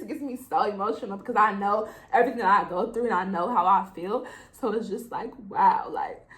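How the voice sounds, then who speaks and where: A woman's voice: medium pitch, brisk, few pauses, fairly bright tone, low-quality recording. A young adult woman hosting a solo podcast, talking emotionally and preachily and acting out her talks with God. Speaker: podcast host. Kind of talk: casual solo podcast talk.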